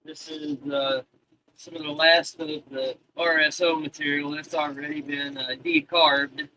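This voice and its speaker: A man in his thirties hosting a live stream, talking loosely to his chat with constant swearing. His voice sits a little high and sounds very bright and forceful. He rambles, restarts and trails off as he goes. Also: level tone, unhurried, low-quality recording. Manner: profane, rambling, talks to chat.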